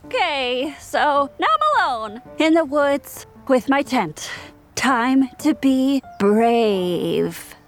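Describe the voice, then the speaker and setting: A woman's voice: high-pitched, lively intonation, slow pace, few pauses, a bit bright, soft background music, exaggerated voice. A woman voicing a timid young male snake who scares easily, in a children's audio story. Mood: nervous. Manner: jumpy, nervous, easily frightened.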